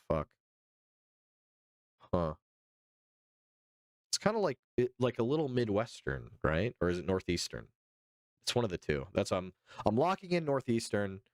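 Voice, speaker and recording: Animated low-voiced man streaming. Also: no room sound, clean studio sound. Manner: hesitant, repeats himself, swears casually. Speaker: livestreamer reading chat. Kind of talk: casual livestream commentary. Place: home streaming setup.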